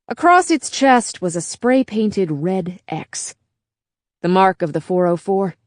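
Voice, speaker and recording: A woman reading a novel aloud as a measured first-person audiobook narrator. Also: fairly low pitch, darkish tone, dry recording, clean studio sound. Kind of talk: scripted narration.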